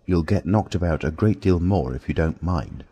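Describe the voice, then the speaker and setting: A reader playing a threatening unseen man who gives curt orders with quiet emphasis. His voice is very deep, dark and husky, and each threat lands in an audiobook reading. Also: normal speed. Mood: menacing. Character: menacing, bullying unseen man. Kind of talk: audiobook character voice.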